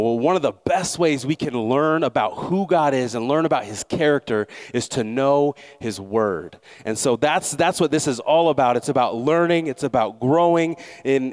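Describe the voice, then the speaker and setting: A man's voice: medium pitch, a little mellow. A man pastor giving a conversational Sunday sermon in church, leading a prayer and asking the congregation to repeat after him.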